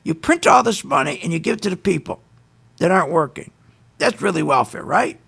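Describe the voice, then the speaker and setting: A man's voice: a little high, animated, a little fast, vocal fry, a bit bright, slightly rough. A man hosting a radio show, delivering an opinionated, ranting monologue full of sarcastic asides.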